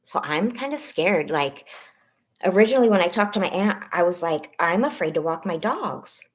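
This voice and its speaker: A woman in her thirties with a somewhat low voice talks on a personal live stream. She speaks haltingly, her voice shaky and close to tears. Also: expressive. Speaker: vlogger on a members-only live stream.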